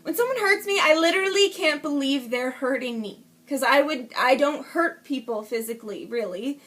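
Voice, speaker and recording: A woman's voice: sits high, expressive, moderate pace, a bit bright. A woman telling a personal story in a casual vlog, candid and emotional, swearing freely as she gives a play-by-play. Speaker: vlogger.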